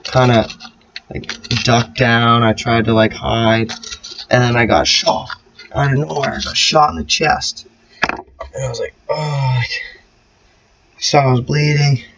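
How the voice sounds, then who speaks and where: A young man tells a casual, rambling story to the camera, swearing often. His voice sits at a medium pitch. The recording is slightly dull, with faint hiss behind it. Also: unhurried, creaky, pauses often. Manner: rambling, profane, animated when reliving a dream. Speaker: vlogger.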